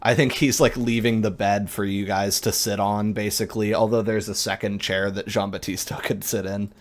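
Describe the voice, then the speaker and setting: A man narrating a tabletop game as game master, relaxed and often pausing on fillers. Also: fairly low pitch.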